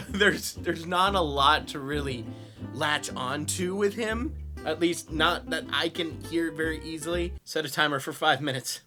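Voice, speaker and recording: Over background music, a young voice actor and YouTuber with a slightly high voice pokes fun at himself while talking about working on his impressions. His casual vlog commentary is lively, punctuated by quick laughs.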